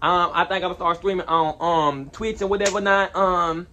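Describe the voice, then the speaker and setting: A young man telling a storytime vlog in an animated, slangy way, rambling with asides. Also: high voice, normal speed, slight background noise. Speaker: vlogger.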